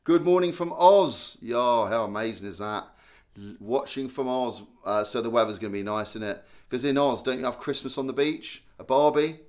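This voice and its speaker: A man's voice: mid-range voice, normal speed. Chatty self-mocking man. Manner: chatty, self-mocking, reads viewer names aloud. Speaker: live stream host. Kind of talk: casual live-stream chat reading comments.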